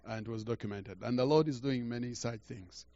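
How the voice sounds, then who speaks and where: An older man preaching a sermon through a story, halting and repeating words, swinging from quiet to loud. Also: mid-range voice, highs cut off. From Uganda.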